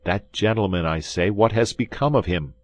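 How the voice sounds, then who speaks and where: A man's voice: lowish voice, moderate pace, dry recording, voice pushed up, lightly acted. A man voicing an angry young swordsman who speaks in a stern, commanding, threatening way.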